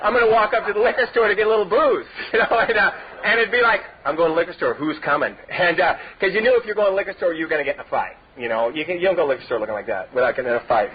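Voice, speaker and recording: At a recovery meeting in a meeting hall, a middle-aged Southern California man gives a personal testimony, rambling with lots of "you know" and laughing through his own stories. His voice is on the high side and husky, captured on a dull lo-fi tape recording.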